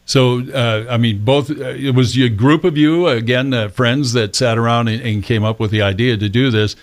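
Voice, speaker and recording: A man's voice: mid-range voice, normal speed. A man hosting a local radio interview, asking rambling questions with fillers. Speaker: radio host.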